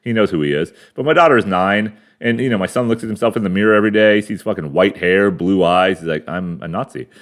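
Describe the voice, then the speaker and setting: A man in his forties from the United States talks alone to a camera at home, his voice sitting a little low. He rambles and swears his way through a loose monologue. He often trips over fillers and repeats words before he gets back on track. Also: fast, hardly any pauses. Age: 40s. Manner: crude, rambling, full of fillers and restarts. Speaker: podcast host. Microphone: camera mic.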